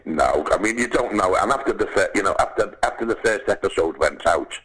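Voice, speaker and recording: An older man with a Liverpool accent, telling anecdotes as a podcast guest, animated and calling the listener "lad". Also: deep voice, a little fast, husky, poor audio. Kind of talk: casual storytelling.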